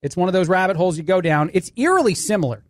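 A man's voice: sits high, expressive, racing, no echo, studio quality. A man filling in as a radio talk show host, rambling sarcastically through a casual monologue. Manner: sarcastic, rambling, restarts often.

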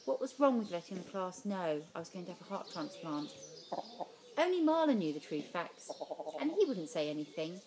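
A woman teacher reading a novel aloud, lively and giving the characters voices of their own. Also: lowish voice, normal speed. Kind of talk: storybook read-aloud.

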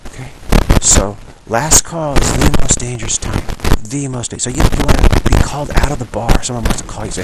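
A man's voice: mid-range voice, fairly quick, few pauses. A man giving an informal spiritual talk in a rambling way, often acting out little dialogues. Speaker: spiritual teacher. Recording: loud background noise.

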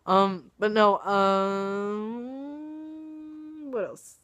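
A woman's voice: mid-range voice, steady tone, very slow, a bit bright, smooth. A young woman vlogging casually, chatty and self-mocking, her voice worn and coming and going from being sick. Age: young adult. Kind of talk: casual vlog chat. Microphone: webcam or phone camera.

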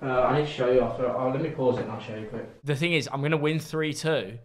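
A young man, giving loud, cocky, laughing commentary on his own gameplay as a pro gamer. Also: medium pitch, quick pace. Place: gaming room in a shared house. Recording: echoey room, faint music behind.

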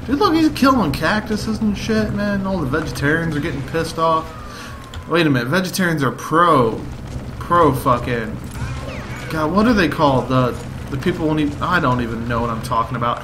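A man playing a shooter on stream and drinking shots as he goes, swearing and yelping at every setback. His pitch leaps around a lot, and his tone is bright and sharp. A faint hiss sits under him. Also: a little fast. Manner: loud, profane, excitable outbursts. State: drinking shots during play. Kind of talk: let's play commentary.

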